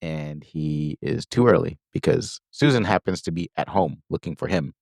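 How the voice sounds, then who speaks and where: Deep-voiced man rambling through a film recap. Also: normal speed, gravelly, darkish tone, dry recording, clean studio sound. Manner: rambling, loose retelling with quoted lines and frequent fillers. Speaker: podcast co-host recapping a film. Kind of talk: casual chat.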